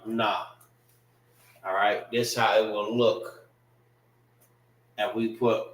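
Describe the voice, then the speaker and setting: A man teaching a language class, drilling pronunciation syllable by syllable in a loose, conversational way. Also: mid-range voice. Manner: loose, conversational phrasing with frequent "know what I mean". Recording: roomy echo.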